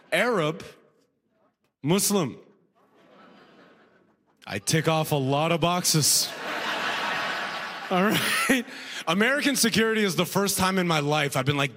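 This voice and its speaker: A man's voice: sits high, big-room sound, background noise. A man from Sudan, raised in Alberta, doing live stand-up comedy on stage at a comedy gala, talking conversationally and checking in with the crowd. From Sudan, raised in Alberta, Canada.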